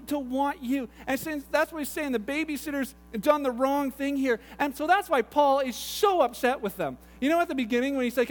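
A man's voice: very high voice, brisk, hardly any pauses. A man preaching a sermon, pastor's chatty storytelling with asides. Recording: echoey hall with long reverb.

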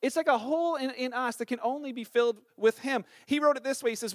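A man's voice: very high voice, fast, hardly any pauses, no room sound, studio quality. A middle-aged man, a pastor, preaching a sermon in church in a chatty, storytelling way with lots of fillers. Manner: conversational, animated storytelling with many fillers.

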